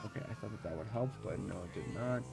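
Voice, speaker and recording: A man's voice: lowish voice, quick pace, creaky, very noisy. A man streaming a game, chatting casually and rambling as he thinks aloud. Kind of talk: casual gaming chat.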